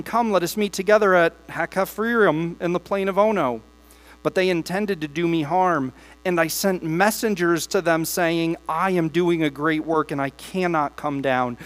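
Man, pastor, sermon, reads scripture with emphasis, casual asides, fairly high voice. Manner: reads scripture aloud with rising emphasis, then talks casually to the congregation.

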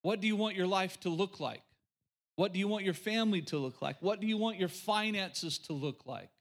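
A man's voice: sits high, brisk. A middle-aged man from rural Oklahoma preaching a sermon, emphatic and folksy, repeating his key lines for the congregation. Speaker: pastor.

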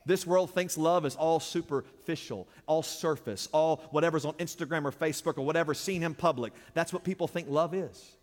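High-voiced preacher in an echoing hall. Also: male voice, brisk, hardly any pauses. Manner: emphatic, call-and-response, surges louder and higher on key points. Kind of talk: sermon. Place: church sanctuary. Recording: long reverb of a church hall.

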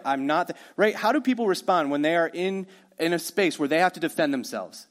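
A man preaching a sermon as pastor, energetic and conversational, with quick asides to the congregation. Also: on the high side.

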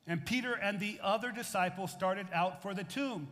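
A middle-aged male pastor from the United States delivering a sermon in an animated, conversational way. His voice sits high for a man and carries a long reverb tail through the church hall. He throws questions at the congregation and drops into quieter asides between bursts of emphasis. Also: normal speed. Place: church sanctuary.

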